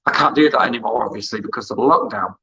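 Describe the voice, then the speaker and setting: Bright-voiced man telling rambling anecdotes. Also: mid-range voice, rapid-fire, lo-fi sound, a little hiss or hum. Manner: rambling anecdotes, acts out quoted dialogue. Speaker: music interviewer and former hospital radio presenter. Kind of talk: casual interview storytelling.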